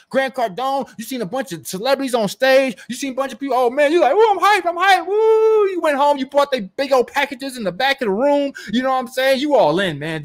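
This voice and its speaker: High-voiced man ranting emphatically. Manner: animated and emphatic, mocking hype with put-on voices; repetitive and rhetorical, asks questions of the listener. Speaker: network marketing coach. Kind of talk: motivational rant to camera.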